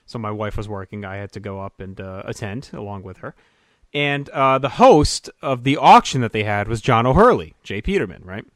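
A man co-hosting a podcast, animated as he tells a story and laughs along with it. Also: lowish voice, moderate pace, no echo, studio quality. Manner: animated, laughs through his own story. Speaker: podcast co-host. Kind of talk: casual storytelling chat.

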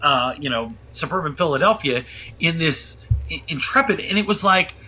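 High, tense husky man telling a story. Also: moderate pace, slight background noise. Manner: animated, profane, acts out quoted voices. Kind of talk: animated casual storytelling. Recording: muffled lo-fi audio.

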